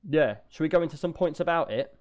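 A man co-hosting a casual chat, telling anecdotes in a lively, talkative way. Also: on the high side, fast talker. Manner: chatty, animated anecdote telling. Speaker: podcast co-host.

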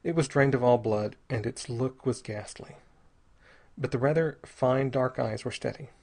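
Husky-voiced man reading a story. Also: mid-range voice, moderate pace, a little mellow. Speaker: audiobook narrator. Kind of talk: scripted narration.

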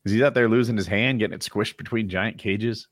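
A man's voice: lowish voice, fairly even intonation, fairly quick, no echo, clean studio sound. A man co-hosting a casual podcast chat, provocative and sarcastic, joking his way through arguments. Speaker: podcast co-host.

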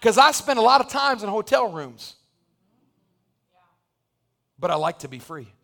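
A male pastor delivering an impassioned sermon to a church congregation, joking one moment and shouting the next. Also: high voice, sing-song, a little slow, gravelly. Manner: impassioned preaching that builds to shouting. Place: church sanctuary.

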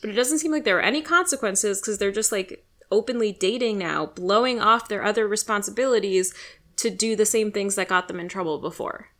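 A woman co-hosting a casual TV recap podcast, sarcastic and animated, acting out the characters' lines. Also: mid-range voice. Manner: animated, sarcastic, acts out characters in quick voices. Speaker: podcast co-host.

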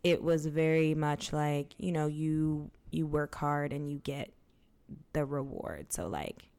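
A woman's voice: deep voice, takes it slowly, darkish tone. A young woman co-hosting a podcast, talking candidly and casually, swearing and acting out quotes as she tells a story. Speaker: podcast co-host. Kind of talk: casual chat.

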